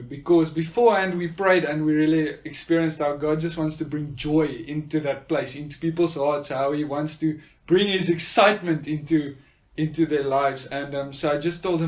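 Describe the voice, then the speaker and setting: A man tells a personal faith testimony in an earnest, sincere way. His voice sits a little higher than most men's, and he often pauses on soft fillers as he gathers his thoughts. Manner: earnest, with frequent hesitant fillers. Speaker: speaker sharing a faith testimony.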